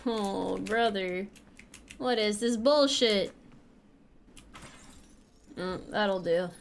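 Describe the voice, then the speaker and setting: Drawing out her words with vocal fry, this young streamer talks at a medium pitch over slight background noise. She's playful and jokey while gaming, chatting casually and cursing without a second thought.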